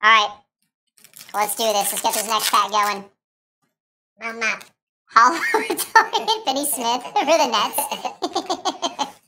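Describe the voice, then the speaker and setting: A man using a voice changer to talk as a playful baby, with giggly, drawn-out baby talk. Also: pushed and bright, slight background noise, exaggerated voice. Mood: silly. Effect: pitch-raising voice changer. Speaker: card break host.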